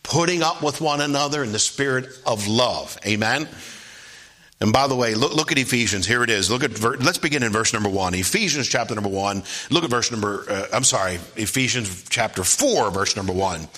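A man preaching a sermon as pastor, emphatic and repetitive, often asking the congregation "Amen?" and reading scripture slowly. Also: mid-range voice, lively intonation, sharp tone. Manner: emphatic preaching, frequent call-and-response "Amen?", repeats key phrases; reads scripture slowly and deliberately.

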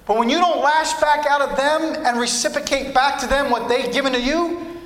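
A man preaches to his congregation, pressing his points with insistent repetition. His voice sits very high and rings bright. The sound carries the echo of a church room. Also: moderate pace. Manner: emphatic, repetitive preaching cadence. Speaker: pastor. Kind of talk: sermon.

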